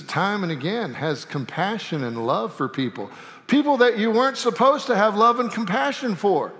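Folksy pastor in a reverberant sanctuary. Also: male voice, high-pitched. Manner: folksy and animated, with humorous asides. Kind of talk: sermon. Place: church sanctuary.

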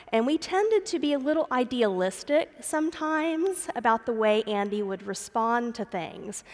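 A middle-aged woman pastor giving a sermon, telling a family story and calling her congregation "friends". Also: a little high. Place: church sanctuary. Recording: long church reverb.

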